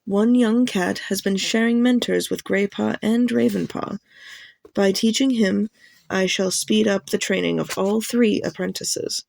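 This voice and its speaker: The voice is a woman's, mid-range and gravelly, unhurried, in a dry recording. She performs an audiobook character, a commanding and grave she-cat leader formally and steadily addressing her gathered clan.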